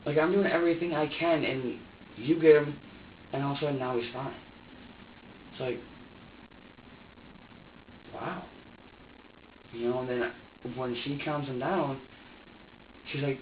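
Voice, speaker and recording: A man's voice: a little high, unhurried, long pauses, reverberant. A young man tells his story in a police interrogation room, swearing almost every line as he acts out past arguments. The sound is a muffled security recording picked up from a distance, with the room ringing around him and a faint hiss underneath. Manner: heavy swearing, re-enacting arguments. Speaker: interrogation subject. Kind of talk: agitated personal account. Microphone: distant security camera mic.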